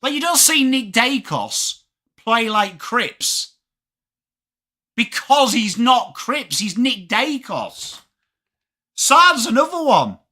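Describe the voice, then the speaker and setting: A young English man hosting a live sports watchalong, talking fast and casually, swearing freely and answering chat by name. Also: very high voice. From England. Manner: animated, swearing, reads chat names aloud. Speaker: livestream host.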